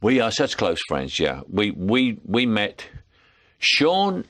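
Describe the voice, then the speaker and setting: A man's voice: lowish voice, wildly swooping pitch, slow, fairly bright tone. A man in his seventies with a Cockney accent, a guest chatting and telling anecdotes with frequent chuckles. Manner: chuckling storyteller, plays voices in anecdotes. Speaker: actor, guest. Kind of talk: anecdotal chat.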